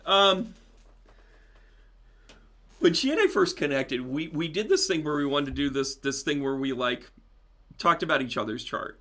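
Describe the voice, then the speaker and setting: A man hosting a casual live stream as a spiritual medium and astrology teacher, chatting animatedly with viewers and breaking into loud laughter. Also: on the high side, lively intonation, normal speed, long pauses.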